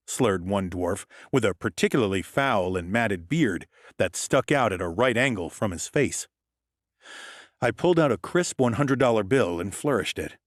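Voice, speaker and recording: Male audiobook narrator, low voice, wry hardboiled tone, dry close sound. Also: expressive, normal speed, no room sound. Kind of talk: scripted first-person narration.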